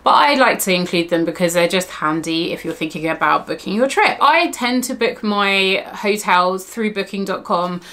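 A woman's voice: fairly low pitch, normal speed, hardly any pauses, fairly bright tone. A young woman gives travel tips in a casual vlog. She talks in a chatty, candid way, full of asides and "like". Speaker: travel blogger.

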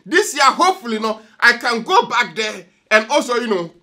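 A young Ghanaian man hosting a news reaction vlog, lively and jokey, switching between languages as he talks. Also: extremely high pitch, normal speed. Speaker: vlog host.

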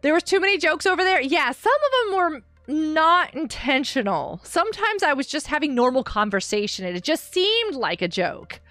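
A woman's voice: high-pitched, sing-song, moderate pace, hardly any pauses, sharp tone, dry recording, faint music behind. A woman live-streaming a game, chatting and giggling often while answering her chat.

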